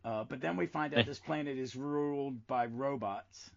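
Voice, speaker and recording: A man co-hosting a casual podcast chat about comics, talking with enthusiasm and reading lines aloud slowly for effect. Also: mid-range voice, vocal fry. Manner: enthusiastic, reads comic dialogue aloud with slow emphasis. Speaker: podcast co-host. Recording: dull lo-fi podcast audio.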